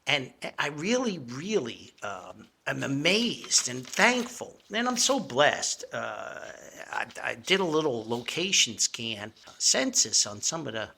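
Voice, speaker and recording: Older man, New Jersey accent, gravelly, bright, rambling podcast host, chatty asides. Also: mid-range voice, sing-song, unhurried, a little hiss or hum. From Paterson, New Jersey. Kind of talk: casual nostalgic monologue.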